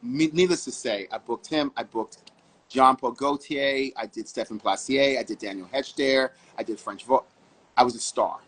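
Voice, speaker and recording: A man from Harlem, New York, telling stories as a fashion model guest in an interview, animated and full of vivid asides. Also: medium pitch, moderate pace, breathy edge, poor audio. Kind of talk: storytelling interview answers.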